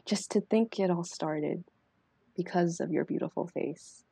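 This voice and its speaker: A woman's voice: fairly low pitch, measured pace, creaky, dark tone, husky, dry recording. A young woman, a podcast guest, who recites a rhyming poem and then chats casually, trailing off and often asking "you know what I mean?".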